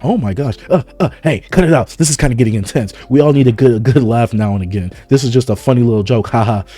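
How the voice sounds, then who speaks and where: A man voicing a teasing schoolgirl bully on a bus, mocking and pushy, in a mellow voice. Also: mid-range voice, fast talker, close to an everyday voice. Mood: taunting.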